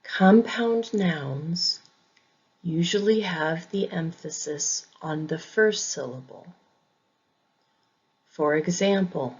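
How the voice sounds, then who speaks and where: A woman teaching English pronunciation in a scripted lesson, saying each example word twice in a deliberate way. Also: fairly low pitch, a little mellow, breathy edge, dull audio.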